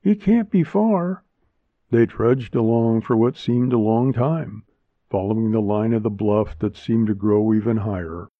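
A man reading a story aloud as narrator in a measured, steady manner, in a tinny, phone-like recording. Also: lowish voice, no room sound. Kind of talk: audiobook reading. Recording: tinny phone-like dry sound.

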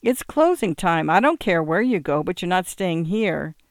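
A man shouting as a fed-up bartender at closing time. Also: fairly high pitch, expressive, slow pace, clean tone, dry recording, studio quality, heavily acted. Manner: yelling, fed up. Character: drunk, angry male bartender at closing.

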